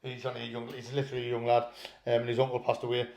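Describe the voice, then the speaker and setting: A man's voice: mid-range voice, completely flat delivery, very fast, a little mellow, roomy sound, lo-fi sound, slight background noise. A man, co-hosting a casual football chat and telling chatty anecdotes. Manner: chatty storyteller, laughs while telling anecdotes. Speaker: football podcast co-host.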